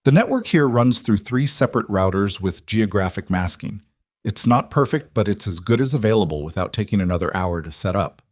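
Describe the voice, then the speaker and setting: A man voicing a calm, guarded middle-aged protector in an audiobook, speaking flatly and without inflection. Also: lowish voice, dry recording, clean studio sound. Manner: flat, measured, unemotional. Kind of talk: audiobook character voice.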